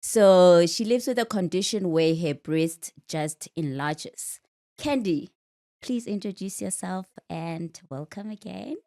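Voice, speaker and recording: A woman's voice: lowish voice, expressive, slow pace, mellow. A woman, a Sotho speaker, hosting a podcast interview with friendly, chatty questions. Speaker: podcast host. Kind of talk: casual interview.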